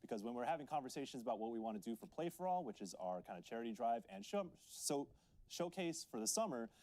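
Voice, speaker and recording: A man's voice: mid-range voice, very animated, fast talker, a little mellow, dry recording. A man from Southeast San Diego on a games panel, talking earnestly with many fillers. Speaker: panel guest, games journalist. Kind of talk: casual panel chat.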